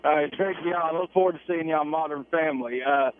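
A man's voice: fairly high pitch, fast talker, narrow, tinny audio, slight background noise. A man with a Southern US accent from North Carolina, calling in to a radio show with hesitant questions. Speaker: caller.

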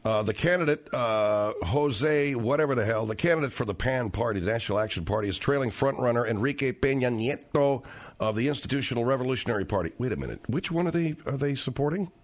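A man's voice: medium pitch, fast talker. A male radio talk show host reading and riffing on the news in a wry, sarcastic, slangy way.

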